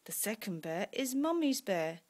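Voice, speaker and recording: A woman reading a bedtime story aloud to her young son, in a slow, lively storybook manner. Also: medium pitch.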